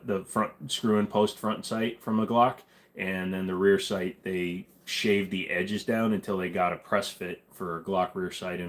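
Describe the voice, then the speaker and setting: Livestream host, male, lowish voice, rambling, jokey, casual chat. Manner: loose, joking, rambling with many fillers and restarts. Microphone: desk microphone.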